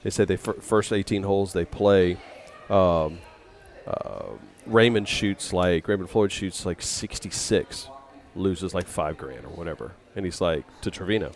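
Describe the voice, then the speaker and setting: A man's voice: deep voice, a little slow. A man, a podcast guest, telling rambling anecdotes in casual conversation and acting out the quotes. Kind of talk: casual storytelling.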